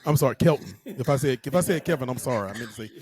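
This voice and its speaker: A man's voice: medium pitch, expressive, rapid-fire, a little mellow, breathy edge. A man with a Southern US accent co-hosting an interview show in a loose, jokey way, sometimes tripping over his words. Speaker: co-host.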